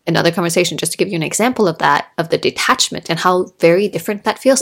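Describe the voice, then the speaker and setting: A woman in her thirties hosting a solo podcast, talking in a chatty, animated way and acting out little quotes as she tells stories. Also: fairly low pitch, rapid-fire, creaky, few pauses. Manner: chatty, animated storytelling with laughs and acted-out quotes. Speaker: podcast host. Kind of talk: casual solo podcast monologue. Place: Norway.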